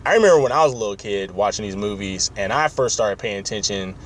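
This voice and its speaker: A man's voice: on the low side, animated, fast talker. A man hosting a podcast in casual chat, rambling and opinionated with many fillers. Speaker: podcast host.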